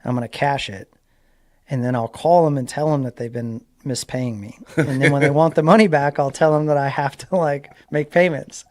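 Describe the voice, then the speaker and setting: Speaking at a medium pitch and normal speed, a man in his forties from Southern California guests on a casual interview. He tells his story with animation, acting out others' lines and sprinkling in likes and you-knows.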